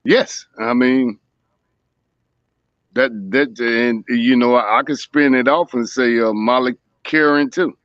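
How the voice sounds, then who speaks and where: A man with a Southern accent talks loosely as a co-host, circling back through fillers and restarts. His voice sits at an ordinary pitch. The sound is dull and lo-fi with no room echo. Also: fairly even intonation, slow, fairly bright tone. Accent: Southern American. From American South. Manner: rambling, with many fillers and restarts. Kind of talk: casual chat.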